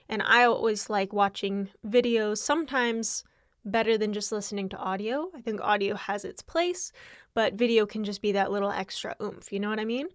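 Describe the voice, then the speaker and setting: A woman's voice: medium pitch, clean tone, no echo, clean studio sound. A young adult woman hosting her own podcast in casual, candid chat, tired and laughing often. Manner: candid, rambling, with frequent laughs. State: exhausted. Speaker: podcast host.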